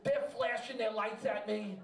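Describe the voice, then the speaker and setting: A man doing stand-up comedy for a live audience, telling a story with animated delivery and shouted punchlines. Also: sits high, moderate pace, vocal fry. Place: club stage with a crowd. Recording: roomy, distant live stage sound with crowd.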